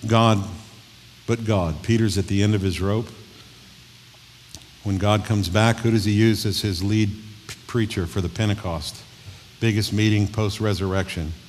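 A man's voice: on the low side, steady tone, moderate pace, long pauses, slight background noise. Folksy preacher man in an echoey hall. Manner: folksy, joking, conversational preaching. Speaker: pastor. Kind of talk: sermon. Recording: long hall reverb.

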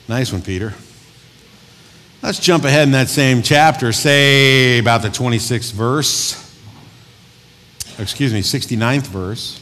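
A male pastor preaching in a folksy, joking, conversational way. His voice sits at a middle pitch. A long reverb hangs in the church hall around him. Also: a little slow, long pauses, a bit bright. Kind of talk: sermon.

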